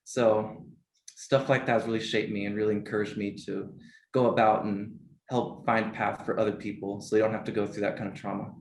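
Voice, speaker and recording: A man, a participant at an online event, sharing a personal story. He sounds emotional and close to tears, and he speaks haltingly as he searches for words. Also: fairly low pitch, level tone. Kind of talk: personal testimony. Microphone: video call. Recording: echoey room with faint noise.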